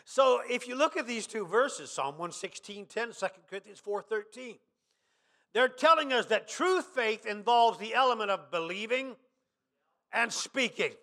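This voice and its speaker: A man pastor preaching a sermon, dropping quiet, then rising to shouted emphasis. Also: very high-pitched, expressive, unhurried, pauses often.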